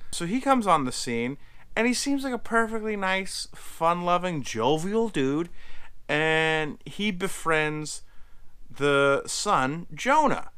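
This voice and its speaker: A young man casually recapping a TV season, chatty and animated, acting out characters' lines. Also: on the high side, clear, resonant tone. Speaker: video reviewer.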